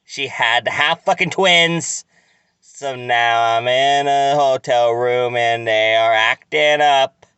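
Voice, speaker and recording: A man telling a crude, rambling comic story in a deadpan way. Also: medium pitch, slow, smooth, no room sound. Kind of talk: comic monologue.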